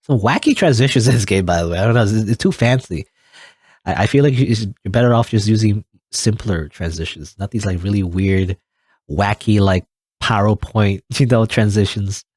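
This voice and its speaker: A young man casually rambling through a game, self-deprecating and quick to laugh. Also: fairly low pitch, a little mellow, husky, no room sound, studio quality. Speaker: let's play gamer. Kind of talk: casual gameplay commentary.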